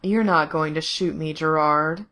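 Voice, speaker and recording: A cold, menacing man who drawls and purrs every word, as a woman reader puts him on. His speech is slow and low, with a quiet threat under it. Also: creaky, exaggerated voice. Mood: drawling menace.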